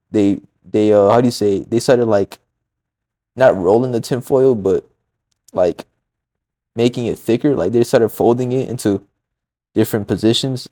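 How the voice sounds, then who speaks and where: A man's voice: fairly low pitch, warm tone. A man casually retelling a personal story, rambling and profane, acting out quoted dialogue.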